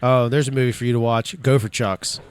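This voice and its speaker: A man's voice: medium pitch, little pitch movement, quick pace, clean tone. A man co-hosting a podcast, chatting casually about movies with enthusiastic, joking and emphatic opinions. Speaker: podcast co-host.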